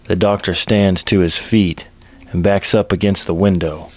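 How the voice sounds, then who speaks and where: Male storyteller, very low voice, steady plain read, dry close sound. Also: moderate pace, no room sound. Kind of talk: reading a western story aloud.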